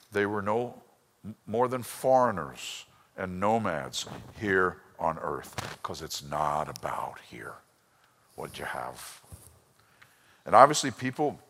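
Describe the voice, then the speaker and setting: A man preaching a sermon, telling a personal story with emotion and swinging between loud bursts and hushed lines. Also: lowish voice, big-room sound. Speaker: pastor.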